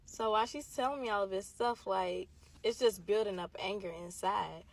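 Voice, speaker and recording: A young woman vlogger casually telling a dramatic personal story to her viewers, emphatic and lively. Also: mid-range voice, normal speed, vocal fry. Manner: animated, emphatic, addresses viewers as y'all.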